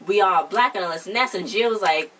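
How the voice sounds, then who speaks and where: A woman's voice: medium pitch, fast talker, distant mic, noisy background. A woman co-hosting a casual recap of a reality TV episode, retelling scenes by quoting the cast. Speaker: co-host of a reality show recap channel.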